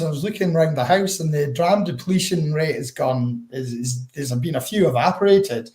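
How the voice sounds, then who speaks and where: A man's voice: fairly high pitch, brisk, hardly any pauses, warm tone, echoey room. Chatty Northeast Scottish man on a call. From Northeast Scotland. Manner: chatty storyteller, laughs often, uses Scots words like wee. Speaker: guest, whisky ambassador. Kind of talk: casual chat over a video call.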